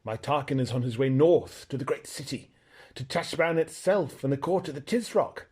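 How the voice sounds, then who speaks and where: A man reading aloud, voicing a proud and blunt talking male horse who lectures in a brisk, scornful way. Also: medium pitch, darkish tone, husky, natural voice. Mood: planning.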